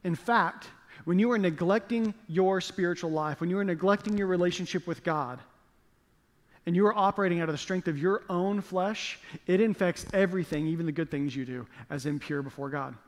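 A male pastor with a fairly high voice and a slightly quick pace delivers a sermon. He tells the story with playful jokes and acted-out asides, and the recording carries the long reverb of a large hall.

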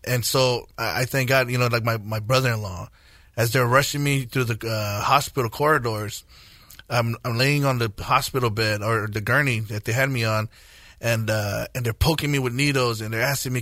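A man in his forties tells his story on a radio talk show. He speaks at a middle pitch, earnest and halting, often repeating himself and filling pauses. The sound is close and dry, with little room around it. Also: fairly even intonation, sharp tone, dry recording. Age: 40s. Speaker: guest minister. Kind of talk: testimony in a radio interview.

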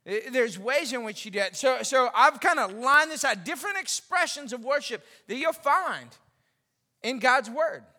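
A man preaching to his congregation in a chatty, animated way, slipping in jokes. His voice sits very high and sounds bright and sharp. The sound rings with the long reverb of a large church hall. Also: moderate pace. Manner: animated and conversational, with joking asides. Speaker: pastor. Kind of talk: sermon. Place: large church during a service.

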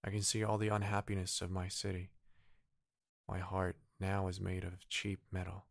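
Sad golden statue prince, soft mournful voice, low and gravelly, a man reading it, dry close sound. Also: completely flat delivery, normal speed, no echo. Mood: sorrowful.

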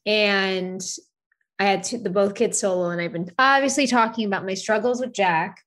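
A woman's voice: medium pitch, moderate pace, fairly bright tone. A woman in her thirties telling a personal story in casual podcast chat, candid, swearing freely and leaning on "like" fillers. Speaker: podcast co-host.

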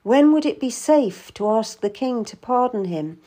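A woman narrating a historical story in the first person, reading in a measured, gentle way. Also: a little high, expressive. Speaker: audiobook reader.

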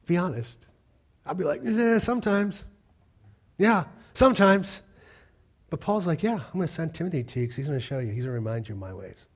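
A middle-aged man preaching a sermon, animated and acting out the voices of the people he quotes. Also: mid-range voice, racing, breathy edge. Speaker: pastor.

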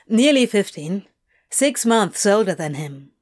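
A woman reading an audiobook, voicing a wry, guarded young man who swears bluntly and scolds himself, spoken at a slow, unhurried pace. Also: mid-range voice, very animated, darkish tone. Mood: candid, offhand.

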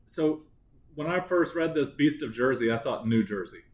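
A man's voice: mid-range voice, lively intonation, normal speed, low-quality recording. A man co-hosting a casual true-crime podcast, joking and cursing as he talks. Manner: joking, crude, laughing often. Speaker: podcast co-host.

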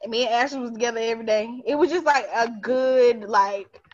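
Female podcast co-host, chatty storyteller, slightly high pitch, muffled recording. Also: fairly quick, a little hiss or hum. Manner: loose storytelling, laughing often. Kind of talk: casual chat among friends. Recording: dull lo-fi sound.

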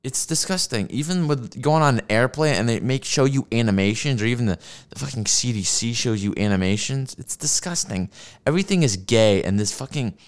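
A man rants on stream while reacting to videos, cursing often, being sarcastic and laughing at his own jokes. He uses a desk microphone with a mixer, and his mid-range voice is brisk with lively intonation.

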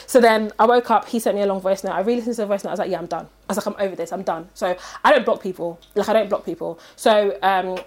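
A woman, animatedly telling a story in casual chat and acting out the people in it. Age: 30s. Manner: animated, acts out quotes in high voices.

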